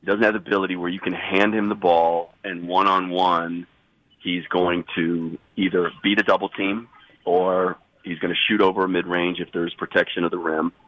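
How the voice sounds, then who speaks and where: A man with a cold calling in as a basketball insider, giving thoughtful, rambling analysis with restarts and a deep, husky voice. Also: flat delivery, normal speed, fairly bright tone, no room sound. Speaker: NBA insider guest. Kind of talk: sports radio call-in analysis. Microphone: phone line. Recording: dull phone-line call.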